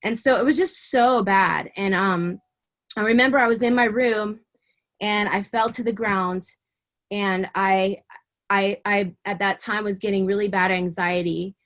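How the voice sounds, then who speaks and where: A woman guest tells her faith story in an interview, her voice sitting at an ordinary middle pitch. She speaks with raw emotion, stumbling and repeating words as she pushes through, then turns fervent and earnest. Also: steady tone, unhurried, fairly bright tone. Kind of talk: personal faith testimony in conversation.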